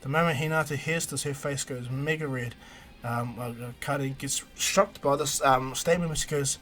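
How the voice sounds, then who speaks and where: A man retelling a fan fiction story on his stream, animated and rambling, full of restarts. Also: mid-range voice, normal speed.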